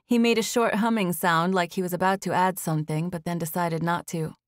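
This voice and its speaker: A woman narrating an audiobook in the first person with intimate, steady storytelling from a recording booth. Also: lowish voice, brisk, no room sound, studio quality.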